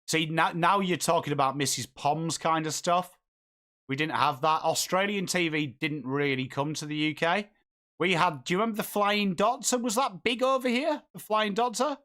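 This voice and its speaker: A man with an English accent hosts a live football watchalong, a casual live-stream chat blended with commentary in which he reads and answers viewer comments and calls the play. His voice is fairly high and sharp in tone, at a normal speed.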